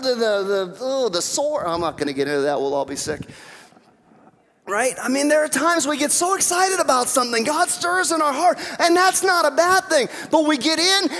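A man preaching a sermon as pastor, conversational and animated, asking the congregation rhetorical questions. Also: very high voice. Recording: reverberant hall.

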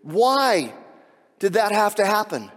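High-voiced preacher in a reverberant hall. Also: male voice, very animated, slow pace. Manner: emphatic preaching that swings from hushed to shouting. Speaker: pastor. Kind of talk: sermon.

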